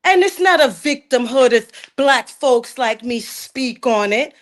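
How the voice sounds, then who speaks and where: A woman's voice: high voice, expressive, a little slow. A middle-aged woman from Jamaica calling in to a talk stream, arguing emphatically and indignantly, repeatedly calling the host sir. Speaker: caller. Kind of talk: heated call-in debate.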